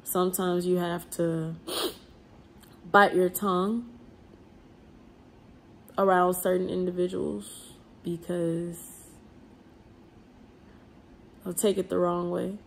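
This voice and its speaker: A woman's voice: lowish voice, little pitch movement, slow, vocal fry, long pauses, a little hiss or hum. A woman, ranting bluntly in an unscripted vlog, full of swearing and slang. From New Orleans. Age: 30s. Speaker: vlogger.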